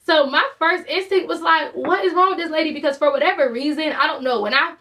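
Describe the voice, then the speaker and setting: Young woman; exasperated, animated storyteller; high, bright voice. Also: fast talker, recorded from a distance. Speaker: vlogger. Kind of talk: casual storytime.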